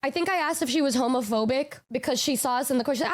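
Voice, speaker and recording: A woman's voice: high voice, racing. A woman in casual stream chat, a rambling, stammering storyteller who acts out quotes.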